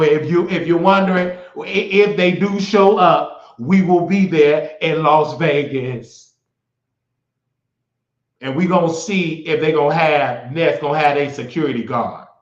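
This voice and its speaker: A man's voice: on the high side, fairly bright tone. A man hosting a live stream, talking casually and bluntly, mocking viewers and telling stories. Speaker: livestream host. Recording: echoey, slightly dull sound.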